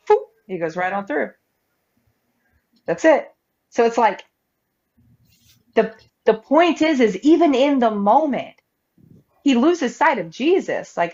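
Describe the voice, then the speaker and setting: Animated woman in a live-stream debate. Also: a little high, a little slow. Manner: animated storytelling, acting out quoted voices. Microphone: live-stream mic. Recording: slightly dull lo-fi audio.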